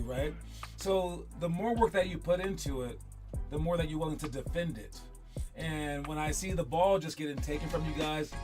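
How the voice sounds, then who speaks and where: A young man coaching youth basketball, speaking in a slightly high voice and giving an emphatic, rambling pep talk full of restarts. Faint music plays behind him. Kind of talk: motivational talk to young players.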